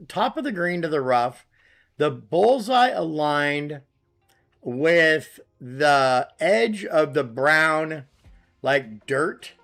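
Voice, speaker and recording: Guy streaming a golf game, kinda gravelly, talks slow and thinks out loud. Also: a little high. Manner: relaxed, thinking aloud with many fillers. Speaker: gaming streamer. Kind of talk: casual gameplay commentary.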